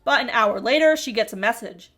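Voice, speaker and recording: A woman with a fairly high voice talks through a reality TV recap. She is snarky and chatty, and laughs often as she comments. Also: a little fast, a bit bright.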